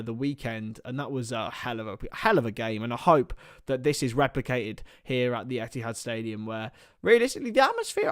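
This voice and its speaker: A man streams live fan commentary on a football match, excitable and rambling, chatting with viewers between calls of the play. His voice is medium-pitched, and the studio-quality audio has no echo.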